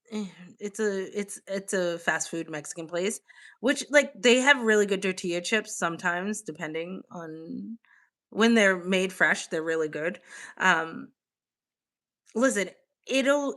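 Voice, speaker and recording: A young woman from the United States hosting a casual livestream, chatting with viewers in an animated way full of "like" fillers. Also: medium pitch. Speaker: livestream host. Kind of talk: casual livestream chat, reacting to viewer comments.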